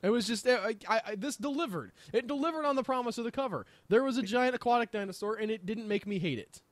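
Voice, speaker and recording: A man's voice: very high-pitched, lively intonation, fast, no echo. A man co-hosting a podcast in casual chat, enthusiastic and rambling with lots of fillers. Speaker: podcast co-host.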